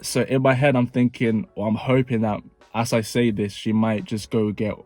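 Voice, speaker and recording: A man's voice: fairly low pitch, little pitch movement, normal speed, a little mellow, no echo, faint music behind. A man telling a storytime vlog, animatedly acting out the dialogue. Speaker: vlogger. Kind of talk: storytime narration.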